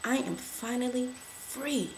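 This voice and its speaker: A woman giving an emotional testimony to camera, repeating affirmations and rising to shouts. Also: fairly high pitch, slow, slight background noise, low-quality recording.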